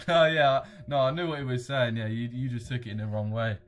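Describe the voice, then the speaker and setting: A man's voice: medium pitch, fairly even intonation, normal speed. A young man hosting a casual livestream, blunt and slangy, swearing freely and chuckling as he reads viewer comments aloud. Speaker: trading livestream host.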